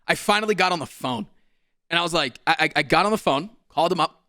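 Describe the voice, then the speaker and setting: A man's voice: fairly high pitch, fast, bright, forceful tone, dry recording, clean studio sound. A man telling a story as a streamer, exasperated and swearing, often mocking the people involved. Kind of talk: animated storytime rant.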